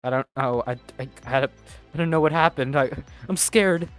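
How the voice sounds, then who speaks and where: A streamer reads a game's character dialogue aloud, then jokes and swears between the lines while playing. The voice is medium-pitched and fairly quick, with faint music in the background.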